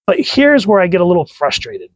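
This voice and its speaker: A man talks through a comic book review in a relaxed, chatty way, often restarting phrases. His voice sits a little high for a man. The recording is dry and close. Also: fairly quick, dry recording, poor audio. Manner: chatty, restarts phrases, reads panels aloud. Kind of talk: casual video review.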